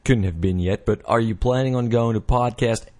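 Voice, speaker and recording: A man hosting his own podcast in a casual, rambling way, correcting himself and filling pauses as he goes. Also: medium pitch, mellow. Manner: rambling, self-correcting, many fillers. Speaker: podcast host. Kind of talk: casual solo podcast talk.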